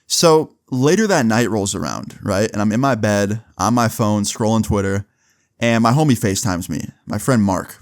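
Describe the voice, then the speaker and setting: A man's voice: fairly low pitch, moderate pace. A young man casually telling a personal story in a slangy, laid-back way, full of "like" and "bro".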